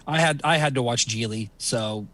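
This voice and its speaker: A man's voice: medium pitch, moderate pace, a bit bright. A middle-aged man hosting a casual comedy chat, rambling with fillers and laughing often. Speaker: host.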